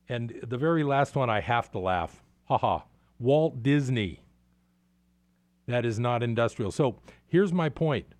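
A man with a middle-pitched voice delivers exasperated, sarcastic commentary as a show host. The sound is dry and close, with no room around it. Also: darkish tone, no echo. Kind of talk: opinionated market commentary.

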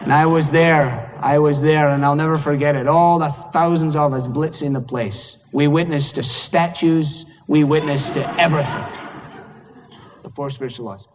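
A man's voice: on the high side, steady tone, normal speed, in a large hall. A man with a Scottish accent preaching a sermon in a conversational, humorous way, acting out little dialogues. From Scotland.

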